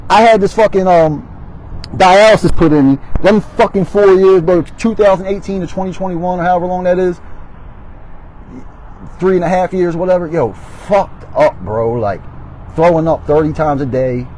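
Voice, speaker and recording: A man's voice: high voice, fairly even intonation, normal speed, darkish tone, a little hiss or hum, low-quality recording. A man, telling his story as a guest in an interview, blunt and heavily profane. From Baltimore, Maryland. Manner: blunt, heavily profane, emphatic street talk.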